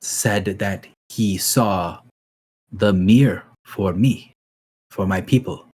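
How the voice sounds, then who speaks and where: A man voicing a formal, courteous male runner soldier with hooves, speaking slowly and stiffly. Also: low voice, darkish tone, husky, exaggerated voice. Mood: earnest. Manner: slow, stiff, courteous speech.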